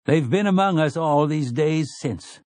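A man voicing a hostile townsman who roars at the crowd in rough country dialect. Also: on the high side, lively intonation, unhurried, a little mellow, no room sound, studio quality, voice pushed up. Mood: roaring. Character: loud, hostile townsman, roaring.

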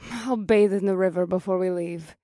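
A man voicing an eager, earnest young woman in an audiobook, with a raised, gravelly voice. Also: sits high, steady tone, moderate pace, mellow, no echo, clean studio sound, pitched above the performer's own voice, close to an everyday voice. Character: eager sleepy young red-haired woman. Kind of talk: audiobook character voice.

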